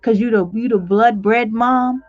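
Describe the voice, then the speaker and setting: A woman's voice: a little high, fairly even intonation, measured pace, a little mellow. A woman hosts a livestream and comments bluntly, swearing as she goes. Her audio is dull and lo-fi. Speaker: livestream host.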